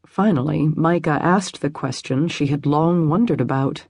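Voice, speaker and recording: Brief: female audiobook narrator, breathy, dry close studio sound. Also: sits low, moderate pace, few pauses, darkish tone, dry recording. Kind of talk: scripted narration.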